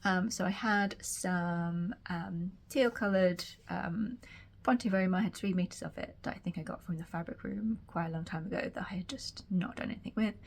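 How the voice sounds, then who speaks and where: A woman chats casually to camera from her home sewing room, her voice a little croaky and tired after a late night. Her tone sits fairly low with a gravelly edge, and she rambles along with plenty of ums and restarts. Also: normal speed. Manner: chatty, rambling with many fillers. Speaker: sewing vlogger.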